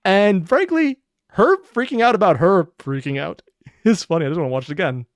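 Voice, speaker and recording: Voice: medium pitch, animated, a little fast, dry recording. A reaction video host giving casual, rambling, amused commentary.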